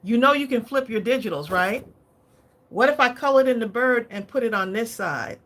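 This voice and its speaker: A woman's voice: on the high side, moderate pace, fairly bright tone. Chatty woman hosting a craft livestream. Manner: chatty, keeps asking viewers their opinion. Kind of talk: casual livestream chat while crafting.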